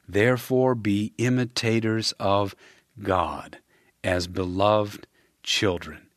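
A man preaching a sermon in an earnest, emphatic way, rising on key words and dropping soft at line ends. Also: on the low side, no room sound, clean studio sound.

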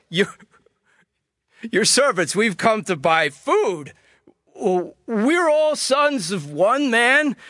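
A man's voice: very high-pitched, sharp tone, no echo, clean studio sound, pitched above the performer's own voice, full character voice. A man voicing frightened older brothers pleading with a ruler, stammering in a raised voice.

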